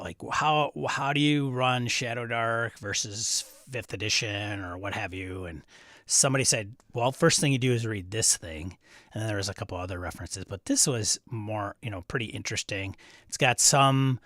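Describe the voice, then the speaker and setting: A man with a Wisconsin accent hosts a casual livestream, chatting with his viewers and tossing in quick asides. His voice sits at an ordinary middle pitch. The sound is dry and close, with no room echo. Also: fairly bright tone. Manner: chatty, answering viewer chat aloud. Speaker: host.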